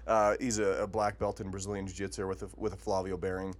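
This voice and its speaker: Montana-accented male podcast co-host, slightly low voice, playful and quick to laugh. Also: flat delivery, slight background noise. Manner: laughs often, joking. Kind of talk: casual chat.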